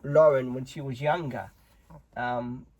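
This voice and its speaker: A man's voice: medium pitch, fairly even intonation, slow pace, darkish tone. A man streaming from home, chatting casually in a rambling way and swearing freely. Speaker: live streamer. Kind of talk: casual chat.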